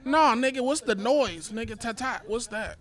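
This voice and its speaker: High-voiced man doing brash stand-up. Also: lively intonation, moderate pace, a crowd in the background. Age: 30s. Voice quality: naturally high, light voice. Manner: brash, profane, laughing through jokes. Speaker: guest comedian. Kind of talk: stand-up set on a podcast.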